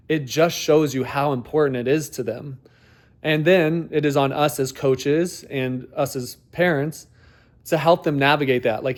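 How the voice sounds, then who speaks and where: A man hosting a podcast, talking earnestly about parenting in a reflective monologue, full of rhetorical questions and "like" fillers. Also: mid-range voice. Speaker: podcast host.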